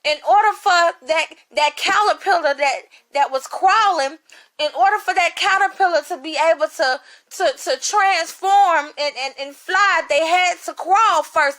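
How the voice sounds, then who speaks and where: A woman's voice: very high-pitched, sharp tone. A woman giving an emotional spoken testimony like a sermon, repeating phrases and restarting with stammers. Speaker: ministry speaker.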